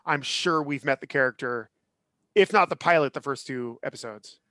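A man in his thirties co-hosting a podcast, chatting casually in an animated, opinionated way with lots of restarts. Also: medium pitch, moderate pace, dry recording, clean studio sound. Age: 30s. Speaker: podcast co-host. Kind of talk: casual chat.

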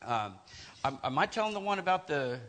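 A man's voice: a little high, sing-song, brisk, fairly bright tone. A middle-aged man telling a couple's story to an audience, joking and self-mocking, laughing often. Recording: reverberant hall.

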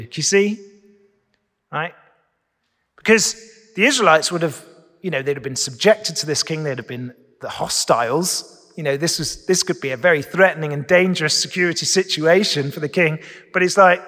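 A man's voice: high-pitched, expressive, normal speed, pauses often, bright, forceful tone. A man preaching a casual, conversational sermon at Sunday worship, often asking his listeners questions. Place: church during Sunday worship. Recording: long reverb of a church hall.

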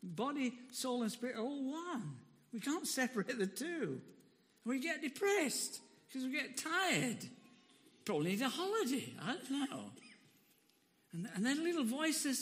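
A high, bright male voice preaching with lively swings of pitch, emphatic and quick to laugh. His sermon rings out in a church hall with a long reverb. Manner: animated, emphatic, laughs often.

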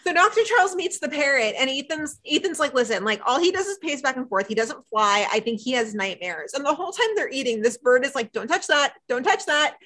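A woman co-hosting a casual podcast, retelling a TV episode in animated chat and acting out the dialogue. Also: sits high, brisk, few pauses. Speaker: podcast co-host.

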